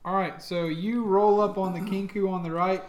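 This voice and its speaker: A man's voice: high-pitched, steady tone, moderate pace, echoey room, slight background noise. A man running a tabletop game as game master, narrating loosely with lots of fillers. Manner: loose, chatty narration with fillers and shouted character cries.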